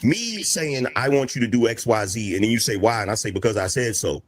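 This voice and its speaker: A man on a podcast panel in a heated debate, argumentative and interrupting, with a husky voice. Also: mid-range voice, expressive, fairly quick, dry recording. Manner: argumentative, interrupts, repeats himself.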